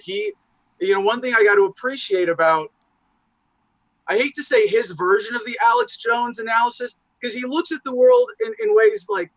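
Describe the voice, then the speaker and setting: A man in casual podcast conversation, talking in animated, profane, rambling asides. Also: a little high, no echo, low-quality recording. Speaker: podcast guest, show host.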